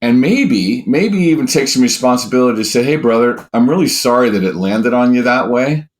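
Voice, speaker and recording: A man speaking as a guest coach in an interview, emphatic and animated, who swears now and then and acts out quoted speech in a raised voice. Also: mid-range voice, brisk. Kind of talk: conversational interview answers.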